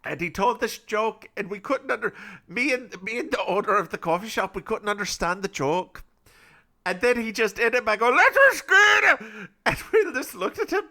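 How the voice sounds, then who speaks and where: A man's voice: high-pitched, expressive, moderate pace, bright, forceful tone, voice pushed up, heavily acted. A man doing a put-on Scottish accent as a tipsy, rambling older man telling a story, tripping over his words.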